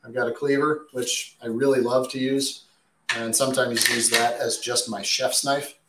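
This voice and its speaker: A man's voice: medium pitch, flat delivery, normal speed, heavy background noise. A man who works as a chef, answering viewer questions with chatty, emphatic cooking advice in a kitchen. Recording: echoey room.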